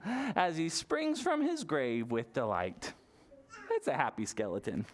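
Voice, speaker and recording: Lively, animated storytime reader. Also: medium pitch, measured pace. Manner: animated and playful, with gasps and exaggerated sounds for small children. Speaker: library storytime leader. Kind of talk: toddler storytime, reading a picture book aloud. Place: public library storytime session.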